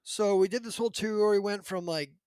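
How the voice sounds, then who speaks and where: A man in his thirties with a high-pitched, smooth voice hosts a casual podcast, speaking a little fast. He rambles through a story with plenty of fillers and animated asides. The recording is close and dry, with no room sound.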